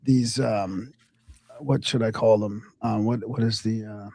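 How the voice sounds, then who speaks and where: A man's voice: on the low side, steady tone, measured pace, creaky, warm tone. A man hosting a podcast interview, asking questions in a hesitant way with many fillers. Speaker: podcast host. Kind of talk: conversational interview.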